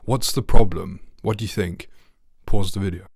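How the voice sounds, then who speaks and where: Low-voiced man teaching trombone. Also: normal speed, gravelly, a little mellow, breathy edge, dry recording, clean studio sound. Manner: friendly, asks the viewer questions, sings notes. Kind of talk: online music lesson.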